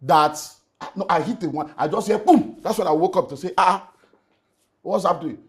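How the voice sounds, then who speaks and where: A middle-aged Nigerian man, a pastor, telling an earnest, animated personal story in an interview and slipping into Pidgin. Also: sits high, moderate pace. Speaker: pastor and relationship speaker.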